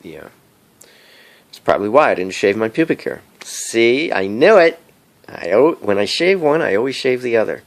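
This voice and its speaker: A man's voice: medium pitch, sing-song, normal speed. A middle-aged man rambling to his phone camera, giggling often as he talks. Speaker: vlogger. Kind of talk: rambling casual monologue to camera. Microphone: cell phone camera.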